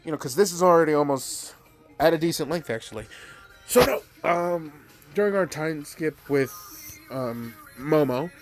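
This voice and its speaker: A man's voice: fairly high pitch, normal speed, soft background music. A man with a stuffy nose, casually narrating his own fan story, rambling and loaded with fillers.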